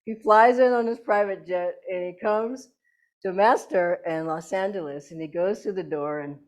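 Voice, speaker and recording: An older woman giving an inspirational satsang talk as a spiritual teacher, telling anecdotes in a lively way and laughing often. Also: lowish voice, normal speed.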